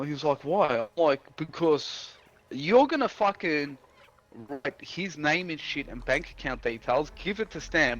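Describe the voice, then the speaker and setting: A man's voice: medium pitch, fairly bright tone. Casual swearing man telling stories. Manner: rambling, swears a lot, acts out quoted dialogue. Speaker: streamer and house painter. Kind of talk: casual storytelling chat.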